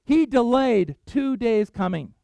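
High-voiced man preaching a sermon. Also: animated, creaky, warm tone, smooth, dry recording. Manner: earnest, conversational preaching with emphatic slowdowns. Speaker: pastor.

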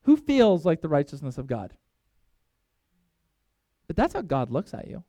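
A man's voice: on the high side, wildly swooping pitch, unhurried, dark tone, no room sound. A middle-aged man, a pastor preaching a conversational sermon, acting out quoted voices and restarting sentences as he goes.

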